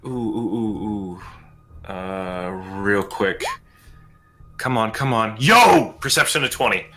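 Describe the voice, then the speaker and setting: A man playing a tabletop game who talks excitedly and swears casually. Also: lowish voice, slow pace, music in the background. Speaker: player.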